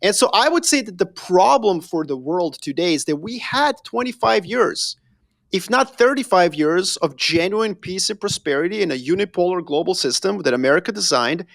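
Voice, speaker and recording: A man's voice: high voice, normal speed, creaky. A man from Yugoslavia who is a guest on a podcast, telling stories with emphasis and sometimes speaking straight to the listener. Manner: animated, emphatic storyteller who addresses the listener directly. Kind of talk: casual conversation.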